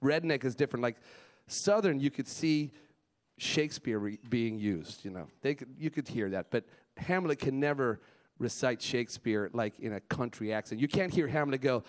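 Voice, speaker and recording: A middle-aged Scottish man doing a chatty, animated stand-up comedy set. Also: medium pitch, normal speed, a little hiss or hum. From Scotland. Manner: chatty, animated, slips in and out of impressions.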